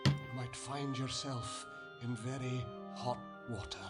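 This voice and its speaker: A man's voice: mid-range voice, level tone, a little slow, soft background music, close to an everyday voice. A man voicing a haughty, secretive middle-aged aristocrat in a video game, speaking with a Scottish accent in a stiff, condescending way.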